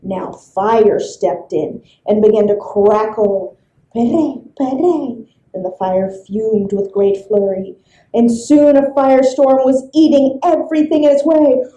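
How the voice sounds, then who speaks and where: A woman librarian reading a folk tale aloud to children, expressive and full of sound effects. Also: a little high, a little slow, echoey room, muffled recording. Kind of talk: storybook read-aloud for children.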